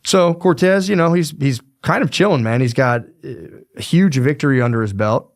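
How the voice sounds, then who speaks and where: A man's voice: on the high side, normal speed, dry recording, studio quality. A young man hosting a podcast, retelling history in a casual, profane, rambling way. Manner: profane, slangy, rambling with fillers. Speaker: podcast host.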